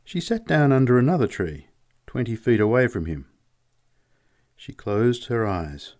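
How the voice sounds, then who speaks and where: A man narrating a novel in a measured, expressive audiobook reading. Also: medium pitch.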